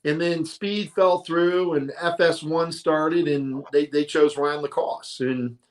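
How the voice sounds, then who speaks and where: A middle-aged man telling his career stories in a casual, animated interview, often quoting other people. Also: fairly high pitch, slow pace. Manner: animated, tells stories with quoted voices. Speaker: guest, monster truck announcer.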